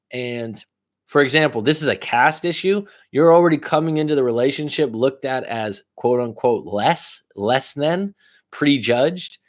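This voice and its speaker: A man giving live coaching advice in a blunt, profane way, pushing the listener with repeated questions. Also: medium pitch. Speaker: life coach.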